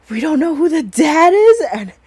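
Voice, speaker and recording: A woman's voice: high voice, sing-song, moderate pace, warm tone. A woman hosting a stream in casual chat, blunt and profane, rambling with many restarts. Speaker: stream host.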